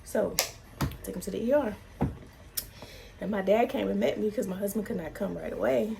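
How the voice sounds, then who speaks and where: Woman vlogger, thirties, casual story time, lively quoting, slight fry, mid pitch. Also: normal speed, noisy background. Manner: animated, acts out quotes with big pitch jumps.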